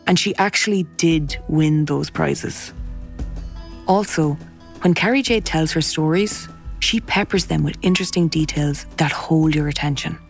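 Gravelly measured documentary narrator woman. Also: deep voice, faint music behind. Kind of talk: scripted narration.

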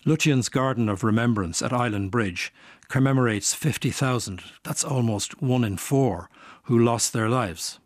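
An older man reading a reflective personal essay in a measured way. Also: mid-range voice, no room sound, clean studio sound. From Ireland.

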